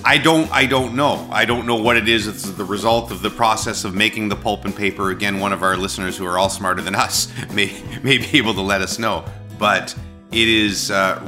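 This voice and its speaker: A Canadian man hosting a podcast, telling rambling stories with many restarts over a remote call. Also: fairly low pitch. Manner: rambling storyteller, frequent restarts. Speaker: podcast host. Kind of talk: casual chat.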